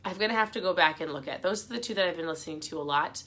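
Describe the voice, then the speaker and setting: A woman's voice: lowish voice, very fast, fairly bright tone. A middle-aged woman giving upbeat, encouraging motivational advice in a casual, chatty talk to her viewers.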